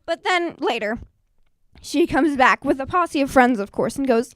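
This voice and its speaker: A teenage girl performing a self-mocking stand-up comedy set at an open mic, bursting into loud acted quotes. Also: high-pitched, lively intonation, normal speed, no room sound, studio quality. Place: small live performance venue.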